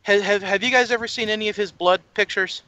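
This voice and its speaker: A man co-hosting a casual wrestling talk podcast, excitable, stumbling over words and swearing freely. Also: high-pitched, fast, dry recording, lo-fi sound. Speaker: podcast co-host.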